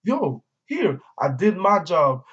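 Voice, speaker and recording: A man voicing a laid-back male skeleton musician who shrugs things off in a casual, slangy way, in a higher voice than his own. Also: sing-song, slow pace, fairly bright tone, heavily acted. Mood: exasperated. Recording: dull lo-fi audio.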